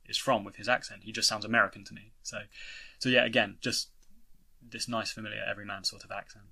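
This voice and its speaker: Young british guy talking through a game review, kinda low and gravelly, keeps restarting. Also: sharp tone. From Britain. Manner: rambling, frequent "you know" and restarts. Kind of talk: casual spoken video essay.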